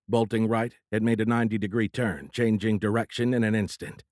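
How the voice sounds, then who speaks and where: A male audiobook narrator with a low voice, reading in a steady, measured way. The recording is close-miked and dry, with no room sound behind it. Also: no room sound. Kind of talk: scripted narration.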